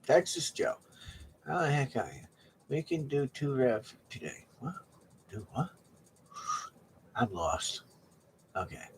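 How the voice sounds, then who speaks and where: A man's voice: medium pitch, sing-song, slow, pauses often, a little hiss or hum. A middle-aged man hosting a live auction stream, chatting casually and rambling through joking stories. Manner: joking, rambling storyteller who laughs a lot.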